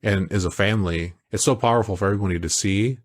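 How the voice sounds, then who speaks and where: A man co-hosting a podcast, talking in a casual, animated way that wanders through stories. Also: lowish voice, fast talker. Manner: animated, storytelling, digressive. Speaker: podcast co-host. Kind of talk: casual chat.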